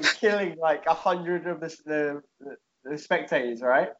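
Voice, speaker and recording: Casual male co-host, animated rambler, swears freely, checks in with "yeah?", dull lo-fi sound. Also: a little high, moderate pace, crowd noise. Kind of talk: casual chat, telling a made-up fight story.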